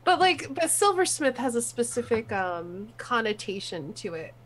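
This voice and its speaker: A woman's voice: fairly high pitch, sing-song, moderate pace, slight background noise, low-quality recording. A woman player in a tabletop game voice chat, chatty with frequent laughs and fillers. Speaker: player and artist.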